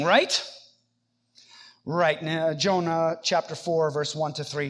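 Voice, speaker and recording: A man's voice: a little high, fairly even intonation, slow pace, long pauses, fairly bright tone. A man preaching a sermon, earnest and conversational, acting out scripture passages with feeling. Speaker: pastor.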